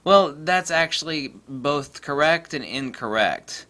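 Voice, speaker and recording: Bright, forceful-voiced man for a rambling, cocky vlog rant. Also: mid-range voice, lively intonation, slow pace, few pauses. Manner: rambling, boastful, laughing, many fillers. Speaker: camera vlogger. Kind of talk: casual rant to camera.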